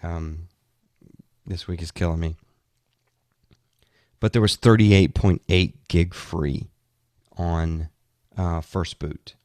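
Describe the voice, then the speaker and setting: A man's voice: deep voice, fairly even intonation, takes it slowly, long pauses, darkish tone, no echo. A tired man chatting casually about his gadgets as a podcast host, rambling with frequent restarts. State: tired, yawning. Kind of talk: casual tech talk.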